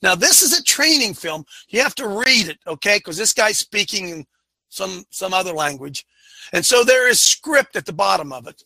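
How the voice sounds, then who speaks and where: A man hosting a talk show, preaching his points fervently and emphatically, at times yelling. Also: high-pitched, very animated, moderate pace, vocal fry, no echo.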